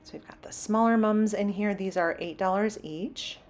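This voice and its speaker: A woman's voice: medium pitch, normal speed, darkish tone. A woman hosting a shopping vlog who walks through a large store and chats casually, reading out prices as she browses. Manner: chatty, lists prices while browsing. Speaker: shopping vlogger. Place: inside a large home improvement store.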